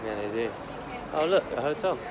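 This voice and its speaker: A man's voice: on the high side, lively intonation, a little fast. A man teasing his wife and telling a story as she films him on her phone. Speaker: vlogger's husband. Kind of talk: casual conversation. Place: outdoors on busy city streets. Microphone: wife's phone camera. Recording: phone recording with street noise. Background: street and traffic noise.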